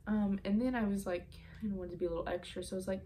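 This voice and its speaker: A woman's voice: medium pitch, fairly even intonation, fast talker, warm tone, slight background noise. A young woman telling a story in a casual vlog, chatty and exasperated, full of "like.". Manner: chatty, exasperated, heavy use of "like". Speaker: vlogger.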